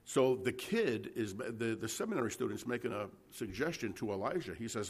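A man with a mid-range, husky voice preaches very animatedly and a little fast, hardly pausing. Reading scripture aloud and explaining it to a live congregation in a conversational way, he often restarts sentences and checks in with "right?"

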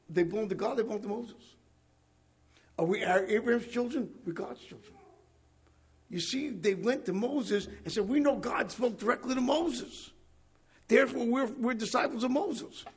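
A man preaching a conversational sermon, reading scripture and throwing rhetorical questions at his congregation with a raspy voice. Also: sits high, darkish tone.

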